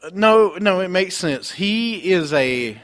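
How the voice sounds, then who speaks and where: A man's voice: high-pitched, takes it slowly, clean tone. Male podcast co-host from North Carolina, slight Southern twang, emphatic, bouncy delivery. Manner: emphatic, lively, laughing protests. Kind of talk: casual wrestling chat.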